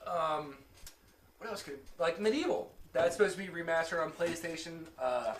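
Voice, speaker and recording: A man's voice: on the high side, expressive, moderate pace. A tipsy man co-hosting a podcast, joking bluntly and swearing a lot in casual chat. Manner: blunt, joking and heavy on profanity. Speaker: podcast co-host. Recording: echoey room, mic at a distance.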